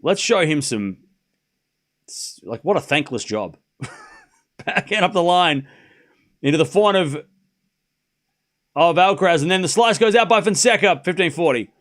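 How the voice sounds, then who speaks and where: A man's voice: on the high side, lively intonation, normal speed, pauses often, a bit bright. A man hosting a live tennis watchalong stream, calling scores casually between chatty, laughing asides, swearing freely. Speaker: stream host. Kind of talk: live sports watchalong commentary.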